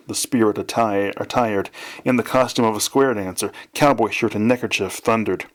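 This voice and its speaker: A man, the author, reading his novel aloud in a plain, measured way. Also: on the low side.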